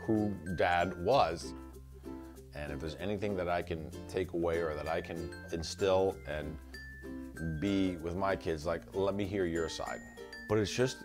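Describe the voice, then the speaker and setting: A middle-aged man telling a casual family anecdote, acting out quotes and laughing as he goes. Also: deep voice. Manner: animated storyteller who acts out quotes and laughs. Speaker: son telling a family story.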